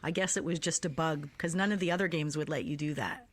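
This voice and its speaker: A woman's voice: low-pitched, fast talker. A woman co-hosting a casual podcast chat, talking enthusiastically and laughing often. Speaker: podcast co-host.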